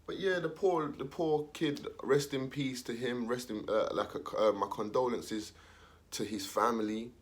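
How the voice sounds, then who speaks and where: A young male commentator with a mid-range voice speaks unhurriedly and casually in street slang. He rants his opinion and acts out other people's voices.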